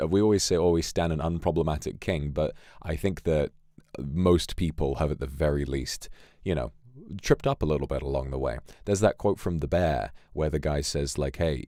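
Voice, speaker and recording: A man's voice: extremely low pitch, warm tone, dry recording, studio quality. A man streaming a watchalong of his own film, talking in a rambling, reflective way with casual swearing. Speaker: streamer and filmmaker. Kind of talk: casual livestream commentary.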